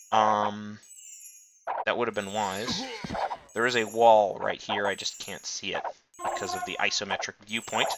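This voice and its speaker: A man giving casual, rambling let's-play commentary, swearing often and mocking himself. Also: mid-range voice. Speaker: gamer. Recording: noisy recording.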